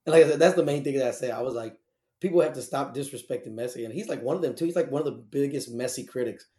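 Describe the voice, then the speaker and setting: A man's voice: medium pitch, very fast, mellow, reverberant. An American man in casual chat, blunt and swearing freely. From United States. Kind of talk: casual podcast chat about soccer.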